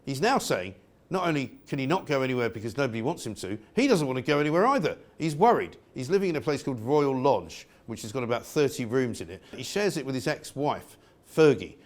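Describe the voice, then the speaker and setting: A man's voice: medium pitch, big pitch swings, a little fast. A middle-aged male presenter from England giving an outspoken, sarcastic opinion monologue.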